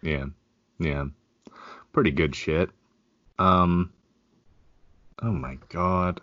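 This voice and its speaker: A man co-hosting a podcast in casual crude comedy chat, laughing often and joking in an animated way. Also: sits low, drawn-out words, no echo, dull audio. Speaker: podcast co-host.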